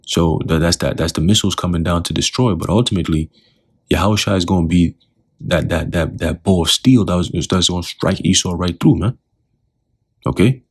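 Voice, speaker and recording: A man's voice: low voice, moderate pace, husky. A man teaching scripture in a loose, talkative way, often putting questions to the listener.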